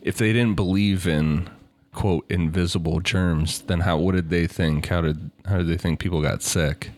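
Deep-voiced man chatting on a podcast. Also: steady tone, normal speed. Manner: asks questions, chuckles. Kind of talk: casual chat.

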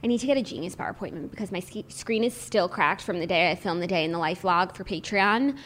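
A woman's voice: lowish voice, quick pace, a bit bright, slight background noise. A young woman co-hosting a podcast, chatting casually and peppering her talk with "like". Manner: chatty, many likes. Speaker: podcast co-host. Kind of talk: casual chat.

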